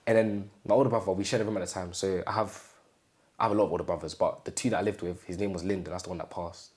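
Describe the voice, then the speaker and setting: Young man, deep voice, halting and repetitive, relaxed personal storytelling for an interview. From England. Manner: halting, repeats phrases, acts out quoted family speech.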